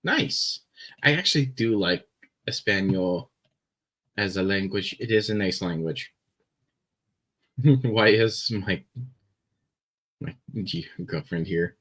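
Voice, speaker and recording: A young Canadian man with a Canadian accent chatting casually on a live stream, rambling with many fillers and pauses. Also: on the low side, lively intonation, a bit bright, poor audio.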